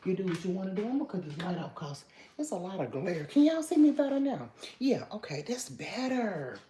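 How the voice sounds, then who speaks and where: A woman hosting a casual morning livestream from home, greeting viewers by name and chatting with some sass, now and then dropping to a low voice. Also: sing-song, brisk, mellow, a little hiss or hum. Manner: talks low at times so as not to wake the house. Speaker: livestream host.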